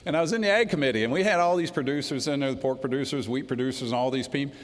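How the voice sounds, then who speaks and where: A man's voice: mid-range voice, racing. A man with a drawl gives a political speech at a tribute event. He talks in a folksy, storytelling way and acts out the exchanges he is describing. His voice carries a long reverb from a large hall. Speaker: congressman giving a speech.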